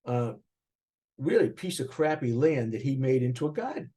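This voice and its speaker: An older man speaks in a thick Boston accent, animated and expressive as he reminisces in an interview. His mid-pitched voice wanders through restarts and asides. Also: normal speed, slightly rough. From Boston area, USA. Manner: animated, talks with his hands, rambling restarts. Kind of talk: reflective interview recollection.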